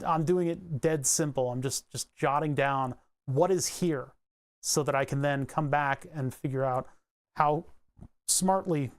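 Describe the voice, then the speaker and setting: A man giving a casual electronics tutorial, thinking aloud as he traces a circuit board, rambling and joking and grumbling wryly about his software. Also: on the high side. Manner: rambling, joking, mutters while drawing. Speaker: electronics hobbyist explaining circuit tracing.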